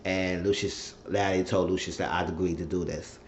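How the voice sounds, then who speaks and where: A man with a fairly low voice recaps a TV episode in a loose, chatty way, building up animation as he retells the scenes. The recording sounds dull and lo-fi. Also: flat delivery, normal speed, slight background noise. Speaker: TV show recap vlogger.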